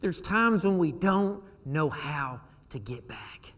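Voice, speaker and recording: A man preaching a sermon as pastor of his church, moving from quiet asides to shouted pleas. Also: a little high, very animated, takes it slowly. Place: church sanctuary.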